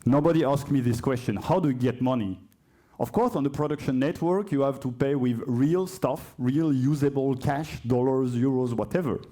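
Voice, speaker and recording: A man with a French accent and a dark, medium-pitched voice talks at normal speed with few pauses. He is giving a live coding demo at a conference hall, hesitant and self-correcting, with chatty asides.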